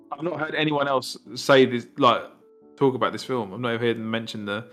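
Male co-host, teasing banter, gets excitable, faint music in background. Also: mid-range voice, moderate pace. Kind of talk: casual chat.

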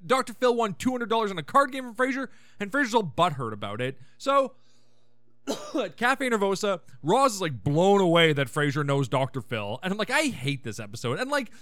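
A man's voice: sits high, sing-song, normal speed, a bit bright, no echo. A man hosting a podcast, giving a casual, irreverent recap of a sitcom episode with sarcastic asides and rants. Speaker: podcast host.

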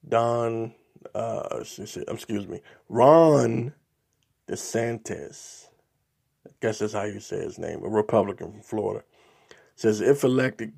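Slow, gravelly man reading news. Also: lowish voice, darkish tone. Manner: reads news reports aloud and breaks off into his own asides, with many "um"s. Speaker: podcast host. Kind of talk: political commentary, reading news aloud.

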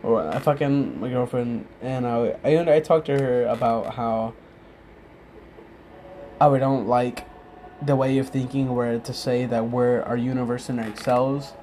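A man's voice: medium pitch, a little mellow, a little hiss or hum. Drunk young man rambling. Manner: halting, loses his train of thought, swears often. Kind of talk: casual rambling monologue.

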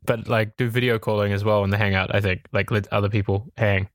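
A man hosting a casual tech podcast from indoors, excitable and laughing often as he talks. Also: on the low side, fast, dry recording, clean studio sound. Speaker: podcast host. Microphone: large studio microphone.

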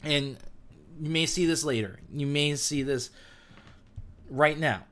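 A young man hosting a casual Bible talk who keeps getting excited, interrupting himself and reading verses aloud. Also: on the high side, slow pace. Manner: enthusiastic, gets amped and self-interrupts. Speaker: podcast host.

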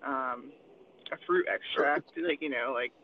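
A man's voice: medium pitch, steady tone, measured pace. A man rambling in casual crude chat with friends, swearing and laughing a lot. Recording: tinny phone-like sound, faint noise.

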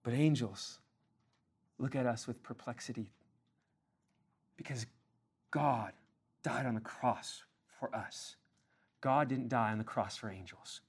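A young man preaching a sermon, lively and casual, acting out scripture scenes in playful slang. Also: medium pitch.

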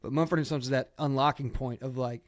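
Fast-talking man, rambling storyteller. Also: medium pitch, steady tone, dry recording. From Ohio. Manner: rambling storyteller, heavy use of "like". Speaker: guest musician. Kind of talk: casual chat.

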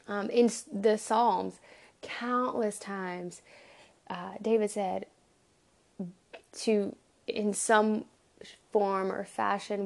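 Earnest woman with a gravelly edge. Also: medium pitch, fairly even intonation. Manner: earnest, halting, acts out pleading prayers. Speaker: Bible study teacher. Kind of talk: devotional Bible teaching.

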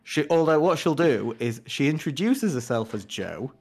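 A man's voice: on the high side, very animated, normal speed, darkish tone, breathy edge. Self-mocking jokey man co-host. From northern England. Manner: self-deprecating, jokey, acts out quotes. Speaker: podcast co-host. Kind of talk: casual chat.

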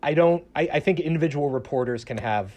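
A man who grew up in the American South speaks as a guest on a casual panel. He talks in a slightly raised pitch and hesitates a lot, restarting his phrases as he thinks aloud. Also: expressive, fairly quick, darkish tone. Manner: hesitant, many restarts and fillers. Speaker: public radio journalist guest.

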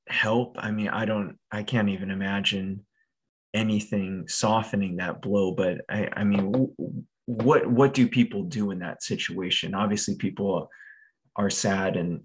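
A man hosting a podcast asks gentle questions with many restarts as he searches for the right words. His voice sits low and has a husky, breathy edge. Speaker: podcast host. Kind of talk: interview conversation.

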